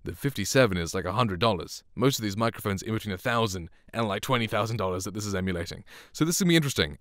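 A man's voice: fairly low pitch, lively intonation, very fast, hardly any pauses, fairly bright tone, no echo, studio quality. A man hosting a casual microphone demo, rambling and self-deprecating with frequent chuckles. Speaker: host reviewing microphones. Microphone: studio condenser microphone.

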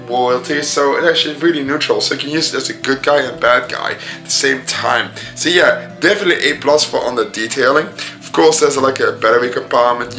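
A man rambling casually through a toy unboxing vlog, chatty and self-mocking, his voice a little hoarse. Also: mid-range voice, sharp tone. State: slightly hoarse voice. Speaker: vlogger reviewing a toy. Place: room indoors. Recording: echoey room, mic at a distance.

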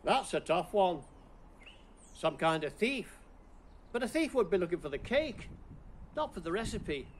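A man's voice: high-pitched, very animated, a little slow, long pauses. A man running a playful Christmas riddle routine, puzzling aloud over each one before chuckling at the answer.

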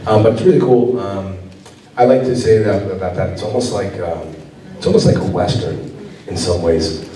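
A man's voice: sits low, moderate pace, warm tone, slight background noise. A man on a convention panel as an actor guest, talking casually and rambling with lots of fillers and restarts. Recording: roomy hall sound from far off.

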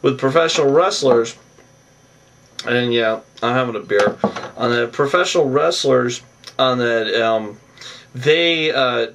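A man's voice: medium pitch, a bit bright, recorded from a distance. Rambling man recapping, a bit off-mic. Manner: rambling, frequent filler "on that"; chuckles often, opinionated asides. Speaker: show recapper. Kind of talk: casual recap monologue.

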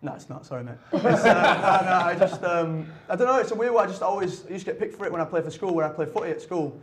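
Young man, rapid and slightly high-pitched, laughing restarts. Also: lively intonation, crowd noise. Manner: quick, laughing banter with frequent restarts. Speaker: actor guest. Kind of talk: casual chat.

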